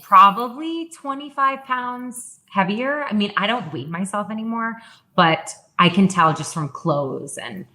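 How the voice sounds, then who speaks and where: A woman in her thirties, a fitness founder appearing as a guest, speaks openly and reflectively in a candid interview, often quoting herself in a raised voice. Her voice is medium-pitched, expressive, bright and forceful, with a slightly slow pace.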